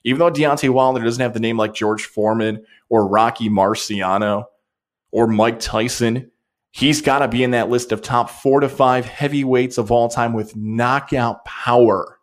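A man hosting a sports talk show, giving an opinionated, animated monologue. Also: mid-range voice. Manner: opinionated, animated, rapid swings. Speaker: sports radio host.

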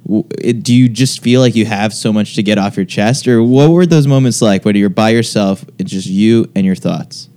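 A man hosting an interview, asking relaxed questions that halt and restart. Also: on the low side, moderate pace, few pauses.

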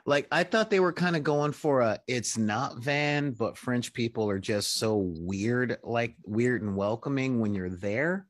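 A man's voice: medium pitch, expressive, unhurried, hardly any pauses, dry recording, clean studio sound. A man co-hosting a podcast in casual chat, drawling and acting out quoted reactions. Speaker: podcast co-host.

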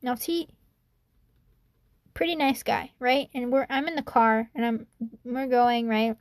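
A woman's voice: on the high side, fairly even intonation, a little slow, no room sound. A woman student telling a story in a rambling, casual way, full of "you know" and "I'm like", sounding anxious and hard on herself. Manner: anxious, self-reproaching.

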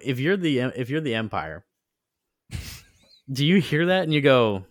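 A man co-hosting a casual fan podcast, easygoing and chatty, quick to agree. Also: medium pitch, sing-song, dry recording, clean studio sound. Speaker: podcast co-host.

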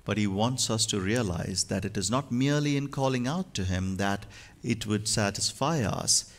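A man's voice: fairly low pitch, animated, moderate pace. Man preaching a dynamic sermon. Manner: dynamic, swings from hushed to loud and emphatic. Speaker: pastor.

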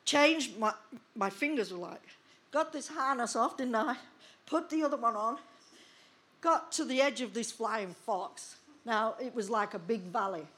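A woman pastor in her sixties, slightly high-voiced and slightly slow, shares a personal testimony from the pulpit, acting out the scenes with lively storytelling.

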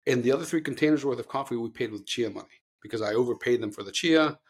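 A man's voice: medium pitch, fast talker, husky. A middle-aged man co-hosting a podcast, telling long earnest stories in casual chat with many restarts. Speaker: podcast co-host.

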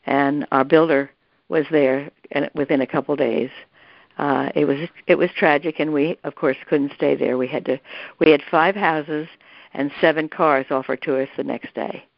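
With a low voice, vocal fry and fairly even intonation, an older woman tells a family story at a moderate pace. She's an interviewee who rambles casually, restarting sentences and adding asides. The recording is dry, dull and lo-fi.

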